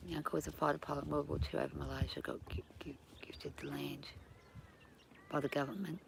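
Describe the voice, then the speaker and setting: A middle-aged Australian woman talks casually to her viewers in a rambling, easygoing way, laughing as she goes. Her voice sits low with a gravelly edge. She sounds slightly stuffy from hay fever. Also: sing-song, brisk, noisy background. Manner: rambling, chatty, laughs easily. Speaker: farm owner and livestreamer. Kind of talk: casual livestream chat.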